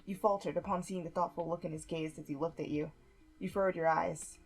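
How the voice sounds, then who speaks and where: A woman narrates a second-person fan fiction story in a soft, even manner. Her voice is breathy and sits on the low side. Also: fairly quick, faint music behind.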